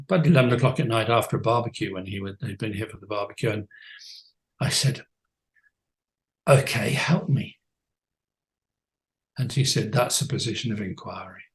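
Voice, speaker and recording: Man, seventies, coach, reflective interview storytelling, thoughtful, frequent restarts, mid-pitched voice. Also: brisk.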